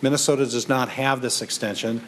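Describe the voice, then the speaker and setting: A man, a state senator, presenting a bill to a committee in measured, prepared remarks. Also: mid-range voice, steady tone, slight background noise. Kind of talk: formal testimony. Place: legislative hearing room.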